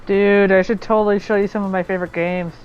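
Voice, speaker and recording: A woman's voice: mid-range voice, fairly even intonation, quick pace, muffled recording, soft background music. A young woman playing a tabletop game, laid-back and slangy. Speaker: player. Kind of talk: casual tabletop play.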